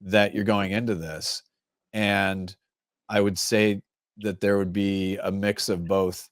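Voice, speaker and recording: A man's voice: low voice, level tone, slow pace, no room sound, studio quality. A man with a Minnesota accent hosting a podcast interview, chatty and joking, laughing at his own stories. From Minnesota, USA. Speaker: podcast host. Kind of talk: casual interview chat.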